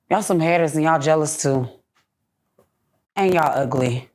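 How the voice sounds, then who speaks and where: A woman's voice: deep voice, measured pace, a little mellow. A young woman, a podcast guest, talking bluntly and heatedly in a candid interview, with plenty of swearing. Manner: blunt, profane, heated ranting.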